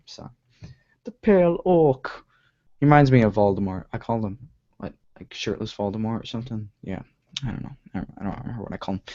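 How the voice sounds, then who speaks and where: Young guy rambling on a live stream, lots of likes and restarts, mellow tone. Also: medium pitch. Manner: rambling, many restarts and "like" fillers, self-correcting. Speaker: host of a live web show. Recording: dull lo-fi home stream audio.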